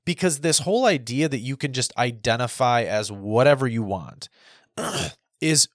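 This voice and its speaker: Man, thirties, podcast host, casual rambling monologue, frequent restarts, mid-pitched, dry close sound. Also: animated, a little slow, no echo. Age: 30s.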